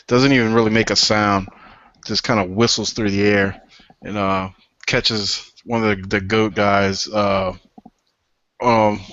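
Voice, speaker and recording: A man playing a tabletop game, describing his character's actions hesitantly, with pauses and jokes. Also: fairly low pitch, little pitch movement, a bit bright, no room sound. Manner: hesitant, full of pauses and restarts, joking. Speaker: player. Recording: dry, dull lo-fi call audio.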